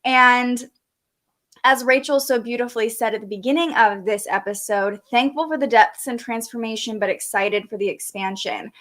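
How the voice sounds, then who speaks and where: A woman's voice: fairly high pitch, normal speed, fairly bright tone. Upbeat chatty woman hosting astrology stream. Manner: upbeat, chatty, reads viewer comments aloud. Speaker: astrology show host. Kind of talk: live-stream astrology forecast.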